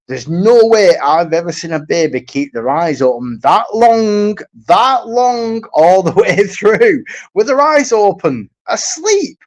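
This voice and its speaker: A man talks in a loose, rambling monologue. His pitch swings widely, and he keeps breaking into laughter. He swears freely and repeats his points. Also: very animated, takes it slowly, a little mellow. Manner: swears a lot, laughs between lines, repeats himself. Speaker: streamer.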